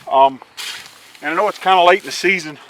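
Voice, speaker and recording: A man's voice: high-pitched, fast talker, a bit bright, a little hiss or hum, low-quality recording. A man casually explaining outdoor homestead work in an easygoing, plainspoken way, with frequent restarts. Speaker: homesteader showing his work.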